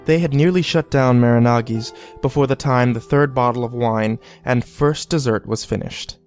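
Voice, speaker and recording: A man narrating an audiobook in a measured, even storytelling manner. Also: medium pitch, faint music behind.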